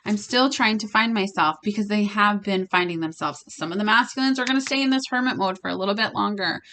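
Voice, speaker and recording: Bright-voiced woman giving a blunt spiritual reading. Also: medium pitch, quick pace, a little hiss or hum. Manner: blunt, emphatic, swears freely. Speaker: tarot reader. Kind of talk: casual spiritual reading to viewers.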